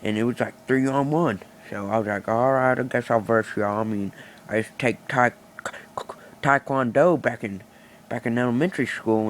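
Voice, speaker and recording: A man's voice: mid-range voice, a little hiss or hum. A man telling a rambling, profane, boastful improvised stand-up story into a phone. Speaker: amateur comedian.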